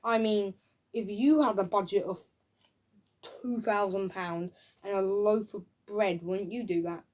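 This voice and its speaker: A woman giving a casual, excited review of a film, rambling through scenes with frequent restarts. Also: medium pitch, unhurried. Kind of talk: casual home-video review.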